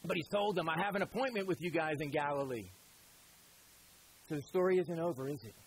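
A man preaching a sermon as pastor, animated and conversational, with a Southern American accent, sometimes dropping to quiet emphatic lines. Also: a little high, brisk, breathy edge, poor audio.

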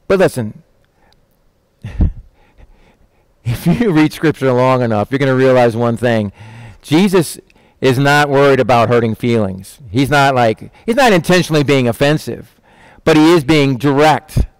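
Reading scripture and speaking plainly to his congregation, a middle-aged pastor preaches a conversational, folksy sermon, raising his pitch to voice the disciples. He's expressive and a little slow with long pauses, his tone clean, the recording low quality but free of room sound.

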